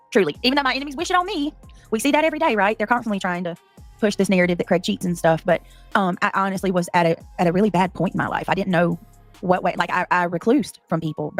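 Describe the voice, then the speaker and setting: A woman in her thirties chatting casually on a livestream, rambling through a personal story, breaking off to react to chat and cussing freely. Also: fairly low pitch. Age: 30s.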